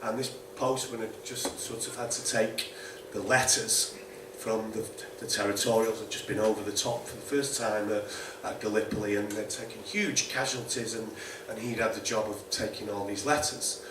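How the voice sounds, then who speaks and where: A man's voice: lowish voice, steady tone, normal speed, noisy background. A man introducing a song at a folk club, telling a story in a rambling, wry but sincere way. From Middleton, Northern England. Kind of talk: casual storytelling between songs. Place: folk club room, live. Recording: echoey club room, far from the mic, music.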